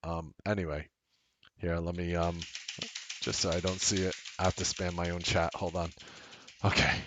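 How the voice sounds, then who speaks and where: A man hosting a trading livestream, talking bluntly and sarcastically, swinging from loud outbursts to low asides. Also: level tone, moderate pace, noisy background. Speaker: trading coach and livestream host. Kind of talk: unscripted livestream commentary.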